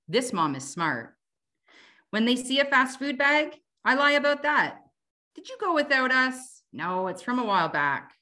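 A woman's voice: mid-range voice, bright, forceful tone. A woman on a video call, chatting casually as a guest and reading her own rhyming poems aloud. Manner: chatty, fillers like "like" and "um". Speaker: guest poet.

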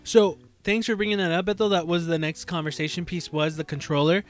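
A man's voice: a little high, fairly even intonation, a little fast, faint music behind. A man hosting a casual gaming chat, loose and swearing, acting out little exchanges as he goes. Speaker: podcast host.

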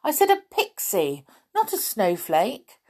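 A woman voicing a bossy young boy in a children's story, impatient and lively. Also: on the high side, slow, pitched above the performer's own voice, exaggerated voice.

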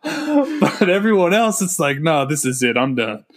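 A man's voice: on the high side, huge pitch swings, unhurried. A man co-hosting a movie podcast, chatting casually with swearing and laughter. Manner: profane, laughing, tells comedy bits. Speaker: podcast co-host.

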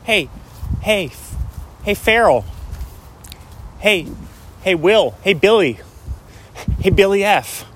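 A man's voice: high-pitched, animated, slow, pauses often, fairly bright tone, slight background noise, pitched above the performer's own voice, full character voice. A man doing a drawling laid-back surfer dude. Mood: goofy. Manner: drawling, repeats "hey" and "dude".

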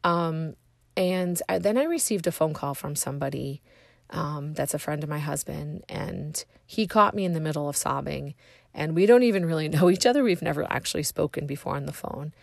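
A woman with a low, gravelly voice tells a personal faith story in an earnest, halting way. She often pauses and restarts as she looks for words. The sound is close and dry. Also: no echo. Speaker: speaker sharing a personal story.

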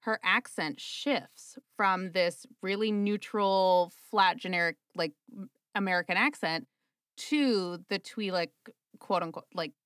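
A woman's voice: mid-range voice, a little slow, fairly bright tone, no room sound, studio quality. A woman from the American Midwest with a Minnesotan accent, co-hosting a casual podcast chat, chatty with many fillers and restarts. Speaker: podcast co-host.

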